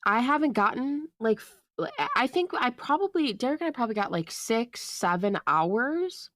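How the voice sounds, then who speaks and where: A woman in her thirties co-hosting a casual podcast, talking in a chatty, halting way with many fillers. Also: on the high side, big pitch swings, a bit bright, no echo. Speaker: podcast co-host. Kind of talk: casual chat.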